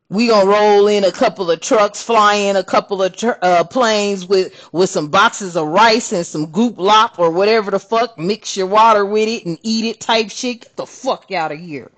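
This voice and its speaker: A woman hosting a spiritual card-reading channel, ranting bluntly and profanely while reading cards. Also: mid-range voice.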